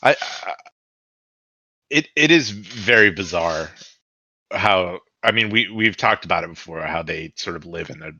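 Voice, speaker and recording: A man's voice: low voice, lively intonation, unhurried, bright, forceful tone, highs cut off. A man co-hosting a podcast in casual political chat, sarcastic and rambling. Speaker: podcast co-host.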